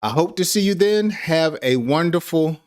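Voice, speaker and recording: A man's voice: on the high side, lively intonation, moderate pace, a little mellow. A man teaching an English lesson on a live stream, patiently repeating example phrases and chuckling at his own examples.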